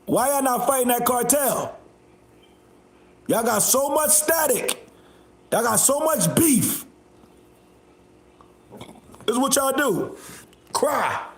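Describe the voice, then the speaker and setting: A man hosting a livestream, ranting at his chat in a loud, confrontational, repetitive way. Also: extremely high pitch, animated, slow, long pauses, roomy sound. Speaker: livestream host. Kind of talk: live stream rant reacting to chat.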